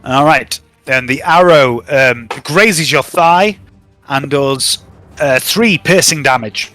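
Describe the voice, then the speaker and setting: A man's voice: fairly high pitch, slow pace, pushed and bright, soft background music, rough recording. A man running a tabletop game as game master, joking and playfully bossy with his players.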